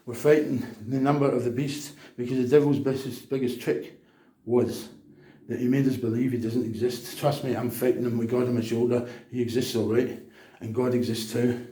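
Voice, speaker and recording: A man holds forth in a rambling, emphatic monologue that turns preachy. His voice is dark and mellow. It rings in a roomy, echoey space. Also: medium pitch, level tone, normal speed. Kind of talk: casual monologue.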